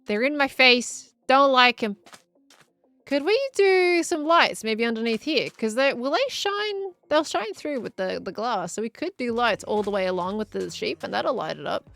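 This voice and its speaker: A woman's voice: a little high, animated, moderate pace, gravelly, fairly bright tone. A woman with an Australian accent, chatting casually on a live stream as she builds and answers viewers. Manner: chatty, reads out chat messages and reacts to viewers.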